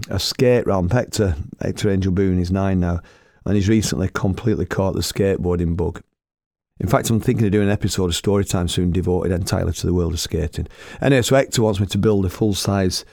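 A man's voice: low voice, gravelly, warm tone, no room sound, clean studio sound. A man, a former radio host, telling rambling, chatty anecdotes and laughing at his own tales. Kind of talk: casual anecdotal storytelling.

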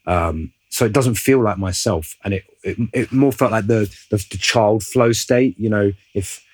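A man's voice: lowish voice, moderate pace, darkish tone, slight background noise, poor audio. A man, an actor leading a casual interview, who speaks in a thoughtful, reflective way and sometimes searches for his words.

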